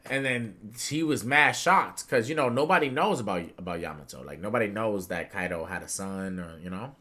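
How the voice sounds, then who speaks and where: A young man with a bright, forceful tone chatting loosely on a podcast. He talks in excitable, slangy bursts, jumping between low mutters and loud acted-out lines. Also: brisk. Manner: excitable, slangy, acts out characters' lines in swinging voices. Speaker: podcast co-host. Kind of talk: casual chat.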